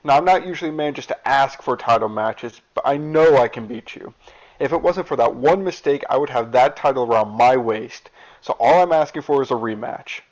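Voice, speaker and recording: A man's voice: mid-range voice, a little fast, close to an everyday voice. A man voicing a determined male wrestler asking earnestly for a rematch. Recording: dull lo-fi recording.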